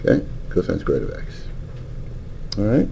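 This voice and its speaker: A man's voice: low-pitched, sing-song, moderate pace, vocal fry, mellow, slight background noise, low-quality recording. A man teaching a math class, lecturing and coaxing answers from students with frequent questions.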